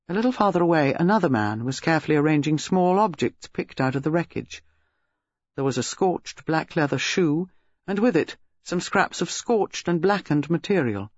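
A man reads a detective story aloud in a calm, measured way. His voice sits a little high for a man. The recording is dry and slightly dull. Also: no echo. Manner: measured, gives characters distinct voices. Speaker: audiobook narrator. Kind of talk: scripted narration.

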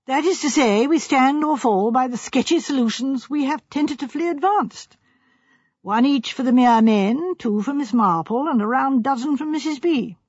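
A woman reading the part of a courteous older gentleman who speaks in a grave, formal, ironic way. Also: high voice, moderate pace, slightly rough, dry recording, voice pushed up. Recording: slightly dull, dry recording.

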